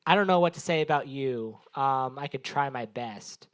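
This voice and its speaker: A man's voice: medium pitch, normal speed, clear, resonant tone. A young man hosting an open mic, doing loose, profane stand-up crowd work on a small bar stage. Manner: rambling, profane, teasing the audience. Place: small bar venue stage before a live audience.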